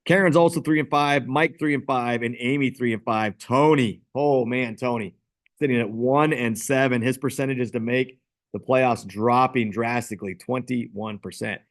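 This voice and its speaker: A man's voice: mid-range voice, moderate pace. A man hosting a casual fantasy football league recap, rambling and self-deprecating.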